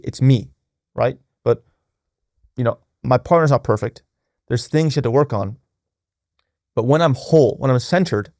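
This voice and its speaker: In studio quality with no room sound, a young man's slightly mellow voice carries his podcast. His earnest discussion of relationships and spirituality is full of restarts and "right?" tags, and when quoting others he performs their voices at a higher pitch.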